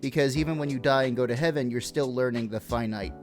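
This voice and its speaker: A man's voice: medium pitch, fast, soft background music. A young man co-hosting a podcast, rambling in a laid-back way and swearing freely. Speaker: podcast co-host. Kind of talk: casual podcast chat.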